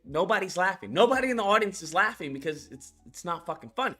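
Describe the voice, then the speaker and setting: A man with a high, bright voice gives a casual, rambling movie review rant, swearing freely and restarting his sentences. Faint music plays underneath. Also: expressive, fast. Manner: rambling, profane, frequent restarts. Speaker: animation YouTuber.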